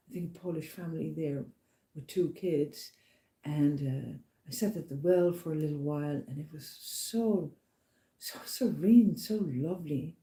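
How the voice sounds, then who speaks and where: Mellow-voiced woman telling a rambling story. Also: sits low, roomy sound. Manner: chatty, rambling, warmly enthusiastic storyteller. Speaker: walking pilgrim and harpist. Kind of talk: casual storytelling vlog.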